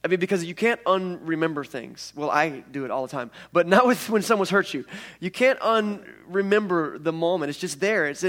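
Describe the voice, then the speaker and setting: Animated storytelling male preacher. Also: fairly high pitch, brisk, few pauses. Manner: animated storytelling with humorous asides. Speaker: pastor. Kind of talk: sermon.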